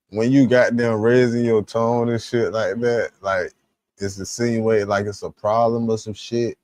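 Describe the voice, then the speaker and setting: A man's voice: a little slow, no echo. A man talking casually in a reaction stream, full of street slang, acting out what others might say. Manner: animated, acts out quotes with rising pitch, lots of slang. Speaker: commentator.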